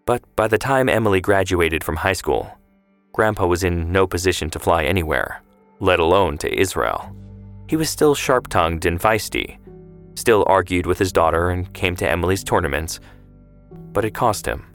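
Low-voiced man narrating a story. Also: lively intonation, normal speed, fairly bright tone, faint music behind.

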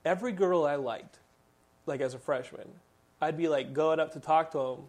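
A Texan man in his thirties hosts a casual podcast, his voice on the high side with a darkish tone, fairly even intonation and a fairly quick pace. He tells long, rambling stories packed with fillers.

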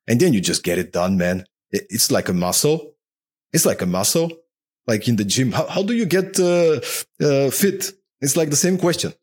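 A talkative, animated man speaking as a podcast guest in casual interview talk, often dropping "man" into his sentences. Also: mid-range voice, moderate pace, slightly rough.

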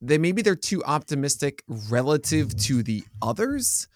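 A man co-hosting a podcast, chatting casually and joking, often trailing off into quieter asides. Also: fairly high pitch, very animated, moderate pace, no room sound. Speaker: podcast co-host. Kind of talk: casual chat.

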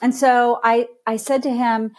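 A middle-aged woman, a guest author, telling a lively story in a podcast interview and laughing easily. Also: fairly high pitch, unhurried.

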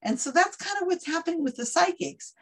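A woman talking casually in an interview, animated and quick to act out other people's voices as she tells a story. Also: very high voice. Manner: animated, acts out quoted voices mid-story. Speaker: guest skeptic of psychics. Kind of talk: conversational interview.

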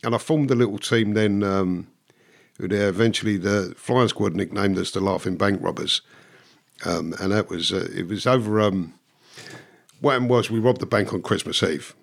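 A man's voice: lowish voice, normal speed, gravelly. A man, a guest who tells his stories bluntly, swears and laughs at himself. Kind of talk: casual storytelling.

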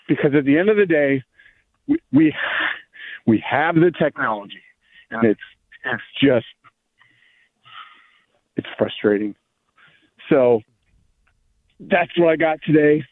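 A male radio caller rants in a worked-up way while walking outdoors. His voice sits a bit high. It comes through a tinny, dry phone line. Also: takes it slowly, pauses often, dry recording. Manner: worked up, ranting. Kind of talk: call-in rant.

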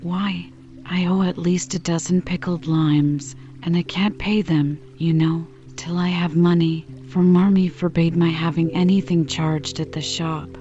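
A woman's voice: lowish voice, fairly even intonation, unhurried, dark tone, soft background music, close to an everyday voice. A woman reading the lines of an earnest, self-important young girl in an audiobook, in a grave pleading manner. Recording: slightly dull lo-fi recording.

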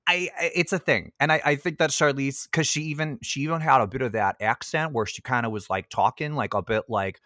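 Expressive guy chatting about films on a podcast, dry sound. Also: mid-range voice, no room sound. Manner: chatty and expressive, doing quick impressions. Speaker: podcast co-host. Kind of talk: casual film review chat.

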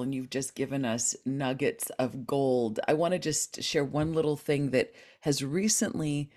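A woman's voice: a bass voice, darkish tone. A woman hosting a podcast interview who talks in an affirming, emphatic and heartfelt way. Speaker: podcast host.

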